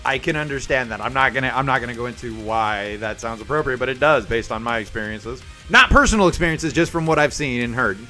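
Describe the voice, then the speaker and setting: A young man with a medium-pitched voice hosts a live stream, talking quickly with few pauses as he tells viewers a story and animatedly acts out its voices. Faint music plays behind him.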